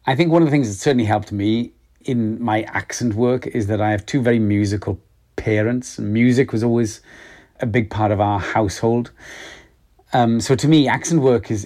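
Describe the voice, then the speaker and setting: A middle-aged man with a Welsh accent talks through an interview at an ordinary pitch. He is reflective and hesitant, circling back and restarting phrases as he works out his thoughts. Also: darkish tone. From Wales. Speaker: actor guest. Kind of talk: interview conversation.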